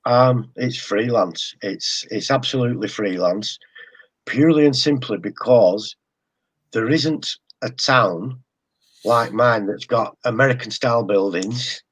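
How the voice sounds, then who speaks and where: A man's voice: mid-range voice, measured pace, slightly rough. An English man chatting as a guest about his hobby, hesitant and often repeating words. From England. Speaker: guest model railroader. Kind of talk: casual live-stream chat.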